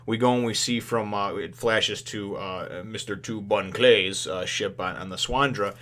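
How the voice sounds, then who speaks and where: A man's voice: lowish voice, measured pace, a bit bright. A man giving a casual spoken review of a manga chapter. He rambles, chuckles often and leans on lots of fillers as he retells the plot.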